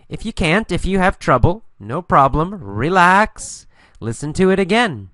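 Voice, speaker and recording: A man teaching an English listening lesson, telling a mini story and repeating each line slowly and clearly for learners. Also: fairly high pitch, fairly bright tone, no echo, studio quality. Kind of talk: guided story narration with instructions.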